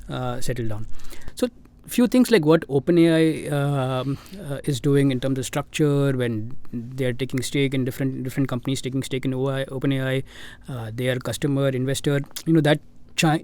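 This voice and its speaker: A fund manager with an Indian English accent answers interview questions at a relaxed, thoughtful pace. His voice sits at a middle pitch, and he leans on fillers and restarts as he works through each point. He sounds like a guest giving careful, conversational replies. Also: moderate pace.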